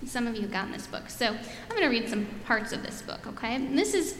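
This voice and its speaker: A woman's voice: a little high, sing-song, a little fast, few pauses, a little hiss or hum. A woman pastor giving a children's message and sermon, speaking simply and leading prayers in a church. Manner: warm, simple talk to children, leads prayers. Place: church sanctuary. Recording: echoey church hall, faint ambience.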